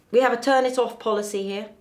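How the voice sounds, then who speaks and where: An actress playing a blunt, tactless woman therapist who talks in a sing-song way with abrupt jumps in pitch, in a sitcom. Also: a little mellow, reverberant, natural voice. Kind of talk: sitcom acting.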